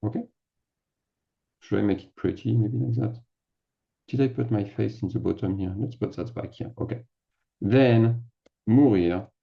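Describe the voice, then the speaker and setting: A man's voice: on the low side, measured pace, vocal fry, pauses often, dull audio. A man teaching a casual lesson, chatty and self-mocking as he thinks aloud while typing. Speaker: French teacher. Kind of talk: casual screen-share lesson.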